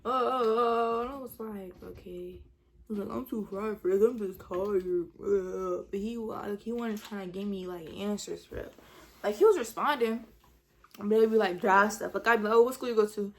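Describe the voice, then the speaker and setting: Woman vlogger, casual storytime, slangy and filler-heavy, animated delivery. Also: medium pitch, normal speed.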